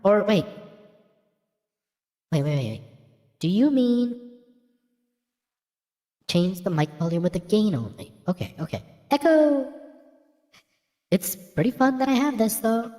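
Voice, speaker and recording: A man trying out a voice changer with added reverb, pushing his voice higher like a dude doing a girl. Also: very animated, measured pace, pauses often, warm tone. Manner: playful, testing a voice effect. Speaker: streamer.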